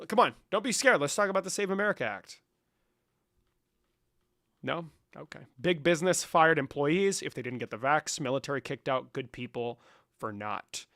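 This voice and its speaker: A man's voice: on the high side, animated, moderate pace, fairly bright tone, no room sound, studio quality. A young man from Mexico streaming from his room, talking casually to his chat, swearing, mocking and breaking into laughter. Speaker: livestreamer.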